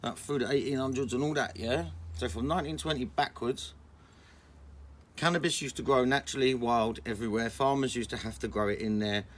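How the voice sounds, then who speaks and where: A young man, chatting casually and excitably on a vlog, full of slang. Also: mid-range voice, brisk. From England. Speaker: vlogger.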